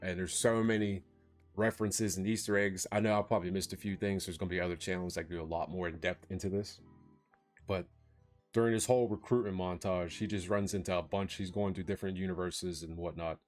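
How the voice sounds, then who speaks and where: A man's voice: low voice, fairly even intonation, fairly quick, a little mellow, soft background music. A man casually recapping a movie plot for a review vlog, rambling with lots of fillers. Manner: rambling, filler-heavy, laughs while retelling.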